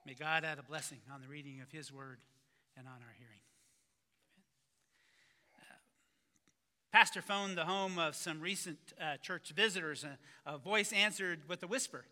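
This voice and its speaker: Bright, high-voiced male preacher. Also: big-room sound. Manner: conversational, halting with restarts. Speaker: pastor. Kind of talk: sermon.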